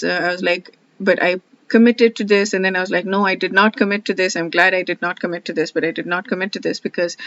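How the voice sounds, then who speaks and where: A woman talking through her thoughts in a reflective personal vlog, rambling and heartfelt, often quoting her own thoughts. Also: medium pitch. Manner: rambling, heartfelt, self-questioning; frequent fillers and restarts, quotes her own thoughts. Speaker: vlogger studying scripture. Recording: slightly dull lo-fi audio.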